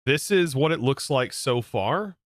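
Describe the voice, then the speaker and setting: A man's voice: medium pitch, lively intonation, a little slow, no echo, clean studio sound. A man streaming a game, chatting casually in a rambling way with restarts. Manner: rambling, with frequent restarts and laughs. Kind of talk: casual gameplay livestream chat.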